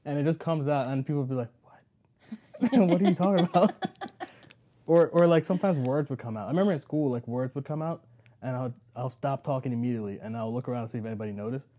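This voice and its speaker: A man's voice: medium pitch, rapid-fire, mellow. A man in casual chat, thinking aloud and laughing often.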